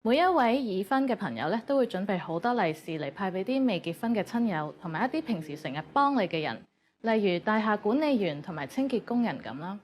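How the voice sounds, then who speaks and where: A woman giving scripted educational narration in a brisk, even tone. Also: medium pitch.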